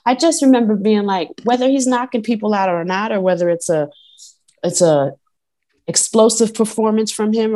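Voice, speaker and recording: Animated, profane woman ranting about fights. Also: medium pitch. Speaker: podcast co-host. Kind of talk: casual sports chat.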